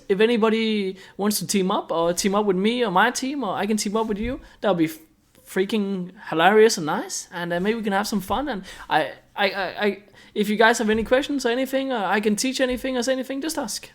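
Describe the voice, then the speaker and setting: A man's voice: high voice, fast talker, pitched above the performer's own voice, natural voice. A man voicing a friendly, humble young airsoft player, eager to help. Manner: eager, helpful.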